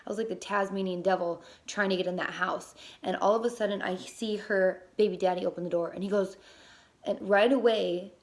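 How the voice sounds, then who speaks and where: Young woman telling a story, animated. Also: medium pitch, brisk. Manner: animated, fillers, swears casually. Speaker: mother telling a personal story. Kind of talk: casual storytelling vlog.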